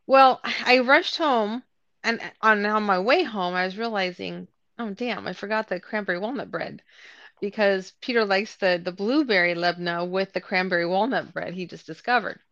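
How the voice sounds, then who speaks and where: A woman recounts her day in lively casual chat, slipping into other people's voices as she tells it. Her pitch sits in the middle range. The recording is dull and lo-fi, with a dry sound. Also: normal speed, no echo. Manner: animated, acts out quotes, laughs often. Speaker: podcast co-host.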